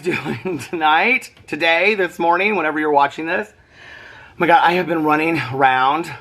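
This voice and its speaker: A man's voice: a little high, sharp tone. A man chatting casually to his viewers in a home vlog, rambling from one thing to the next and a little out of breath. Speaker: vlogger. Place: at home, leaning on a kitchen counter.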